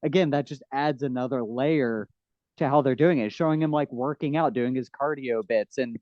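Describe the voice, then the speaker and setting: A man's voice: mid-range voice, normal speed, no room sound, highs cut off. A man talking casually and animatedly on a podcast, rambling with many fillers.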